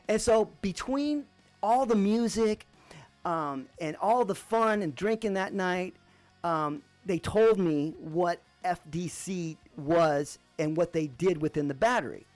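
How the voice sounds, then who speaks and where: A man from Arizona hosting a podcast, telling a personal story in a relaxed, rambling way with lots of fillers. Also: sits high. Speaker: podcast host.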